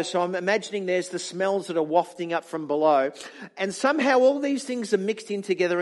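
Animated high-voiced male preacher. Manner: animated, chatty, frequent restarts. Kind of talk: storytelling sermon.

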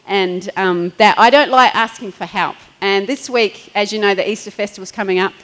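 A woman's voice: medium pitch, moderate pace, a bit bright, rough recording. A middle-aged woman pastor, preaching in a chatty storytelling way, laughing and acting out quotes. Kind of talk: sermon.

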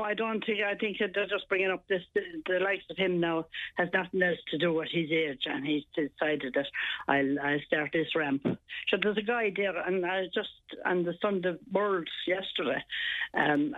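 A woman's voice: on the low side, fairly even intonation, normal speed. An older woman phones in to a radio show, her voice thin and tinny down the line. She rambles and hesitates, sounding exasperated as she searches for her words. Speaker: caller. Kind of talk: casual radio chat.

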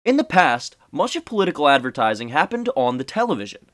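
A man's voice: a little high, big pitch swings, quick pace, a bit bright, dry recording, clean studio sound. Sarcastic man hosting a podcast. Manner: sarcastic, swears, laughs often. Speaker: podcast host. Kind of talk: casual podcast chat, reading an article aloud.

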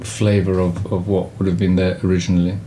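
Low-voiced halting theatre director man. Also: level tone, mellow, a little hiss or hum. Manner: halting, many fillers and restarts. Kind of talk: casual interview.

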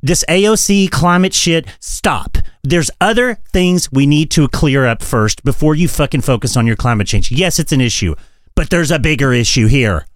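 A male podcast host talks in a casual, blunt and profane way that often turns into a rant. His pitch moves around a lot. The recording is dry and close. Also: animated, normal speed, no echo. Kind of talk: casual chat. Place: London home studio.

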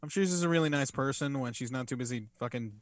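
A man's voice: mid-range voice, quick pace, a crowd in the background. A man co-hosting a casual podcast, blunt and sarcastic, swearing freely. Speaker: podcast co-host. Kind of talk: casual chat.

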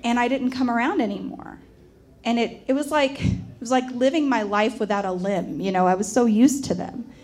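A woman performing a personal storytelling piece about a haunted house, animated and emphatic, slowing down for the dramatic moments. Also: on the high side.

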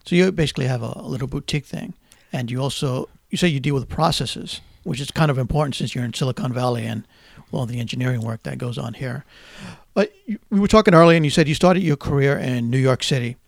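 A man's voice: medium pitch, fast, vocal fry, dry recording, studio quality. A man hosting a radio show, reading a scripted introduction and then asking his guest questions.

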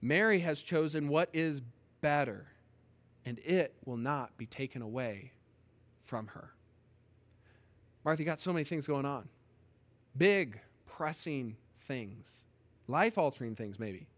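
A man voicing a calm, patient male teacher who gently redirects a worried woman, as an acted quote in a sermon. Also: mid-range voice, a little slow, long pauses, natural voice. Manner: calm, soothing.

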